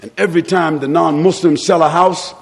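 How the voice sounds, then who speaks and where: A male preacher giving an impassioned sermon in a mosque, firing off rhetorical questions and shouting for emphasis. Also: on the high side, steady tone, fairly quick, gravelly, long reverb tail. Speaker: Islamic preacher.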